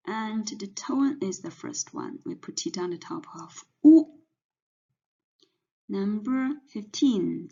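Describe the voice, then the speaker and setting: A woman teaching pinyin in a slow lesson, saying each syllable several times over. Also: mid-range voice, very animated, creaky, dark tone, husky. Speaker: Chinese teacher. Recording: dull lo-fi sound.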